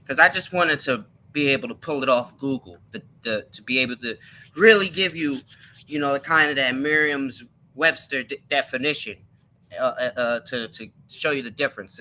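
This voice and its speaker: A man's voice: mid-range voice, bright, forceful tone. A man giving an emphatic opinion monologue on his live stream, often repeating and restarting his words.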